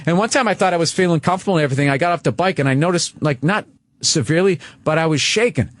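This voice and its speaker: A man in his forties, a comedian guest swearing freely and telling animated stories in casual talk-show chat. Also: fairly high pitch, rapid-fire, no echo, clean studio sound. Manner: profane, animated storytelling.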